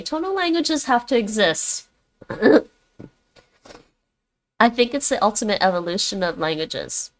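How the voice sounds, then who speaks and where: A woman's voice: medium pitch, very animated, a little slow, pauses often, fairly bright tone. A woman whose first language is Dutch, chatting casually with her livestream viewers while she studies languages, often addressing them by name and reading text aloud. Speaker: streamer learning languages.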